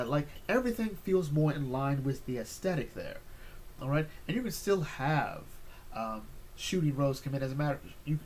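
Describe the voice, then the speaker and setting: A man's voice: a little high, sing-song, moderate pace, darkish tone, a little hiss or hum. A man chatting casually as he reviews an episode, rambling with many fillers and restarts.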